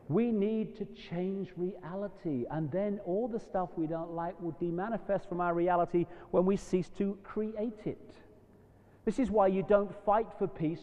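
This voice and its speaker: A man's voice: high voice, a little mellow. A man giving a rambling, impassioned live lecture to an audience. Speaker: public speaker. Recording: dull lo-fi recording in a long-reverb hall.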